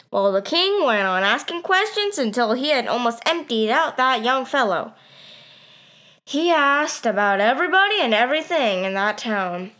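A woman reading a story aloud as its first-person narrator, in a plain, steady storytelling manner. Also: fairly high pitch.

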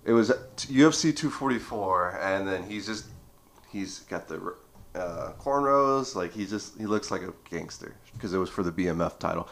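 A man in his twenties, a podcast guest, telling lively stories in casual chat with lots of "like.". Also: deep voice, normal speed. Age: 20s. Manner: lively storyteller, heavy filler "like".

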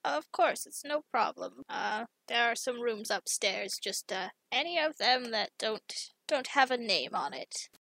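A woman's voice: fairly high pitch, expressive, unhurried, vocal fry, few pauses, bright, forceful tone, no room sound, full character voice. A woman voicing a friendly older grandmother who offers rooms, chirpy and welcoming. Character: friendly old grandma innkeeper, secretly sinister.

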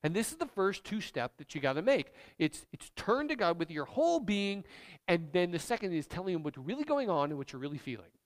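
A male pastor delivers a sermon in an animated, emphatic and conversational way. His voice sits high for a man and leaps widely in pitch. He sounds like he is talking straight to his listeners. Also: a little fast.

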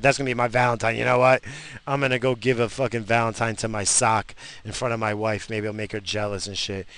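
A man's voice: lowish voice, sharp tone. Tired dude ranting on his home podcast, cussing a lot, rambly and grumpy-joking. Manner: profane, rambling, mock-grumpy. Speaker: podcast host. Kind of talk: casual solo podcast rant.

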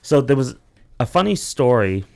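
A man's voice: medium pitch, very animated, normal speed, creaky. A young man hosting a podcast, telling long, rambling, profane stories in casual chat, with lots of "like" and "you know". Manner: rambling, profane storytelling full of "like". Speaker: podcast host.

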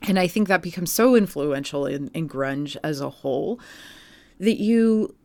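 A woman with a notably low voice tells a story on a podcast in a relaxed, chatty way, full of "like" and "um". The sound is close and dry, with no room around it. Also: unhurried, gravelly, no echo. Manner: chatty storytelling with many fillers. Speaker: podcast co-host. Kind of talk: casual podcast chat.

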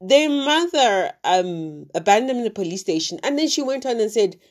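A woman's voice: a little high, animated, normal speed. A woman from Africa, casually retelling a true crime story with many fillers and asides.

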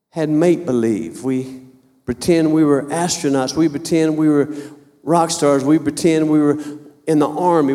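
A fervent preacher in his fifties delivers a sermon with a high voice, doubling back on his words as he presses his point. His voice rings with a long reverb through a large church. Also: darkish tone. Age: 50s. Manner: fervent, repetitive preaching with stammered restarts.

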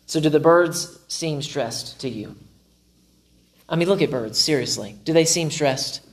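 A male pastor preaching a sermon to a live congregation. He is animated and often acts out his own inner dialogue with self-mocking humor. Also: fairly high pitch, unhurried.

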